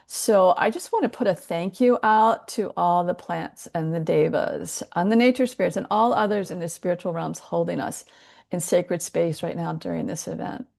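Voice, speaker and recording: Woman interviewer, earnest and heartfelt, gravelly tone. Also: on the low side, normal speed, darkish tone. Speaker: interview host. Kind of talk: interview questions.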